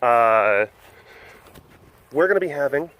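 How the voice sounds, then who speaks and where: A man's voice: mid-range voice, expressive, slow pace, a bit bright. A man hosting a casual webcast from an animal facility, rambling, laughing often, and cooing at the animals. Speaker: vlog host at a wild animal facility.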